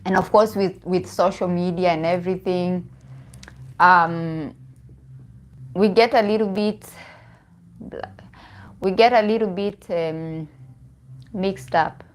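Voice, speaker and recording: A woman's voice: on the low side, steady tone, slow pace, pauses often. A young woman with a Kenyan accent chatting casually on a live stream, laughing often and restarting her phrases. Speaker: vlogger.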